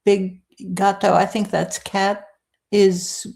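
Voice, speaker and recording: Woman co-host, short hesitant answers, slow and level delivery. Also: mid-range voice, flat delivery, vocal fry, darkish tone. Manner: brief, hesitant replies. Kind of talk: casual chat.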